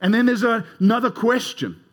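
A man's voice: very high-pitched, lively intonation, fairly quick. A man preaching a sermon in a conversational way, leading the congregation in call-and-response. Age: 30s or older.

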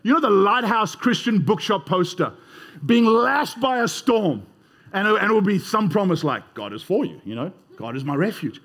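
A man's voice: high-pitched, very animated, normal speed, fairly bright tone. A man preaching a sermon in a conversational way, leading the congregation in call-and-response. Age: 30s or older.

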